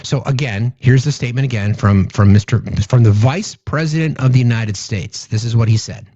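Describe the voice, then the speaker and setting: A man's voice: medium pitch, brisk, warm tone, dry recording, lo-fi sound. A man giving casual political commentary, indignant and rambling, often restarting his sentences.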